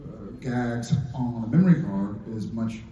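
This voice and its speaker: A man on a convention panel, telling an animated story with playful asides. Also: medium pitch, moderate pace, slight background noise. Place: large convention hall. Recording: dull echoey hall sound from a distance.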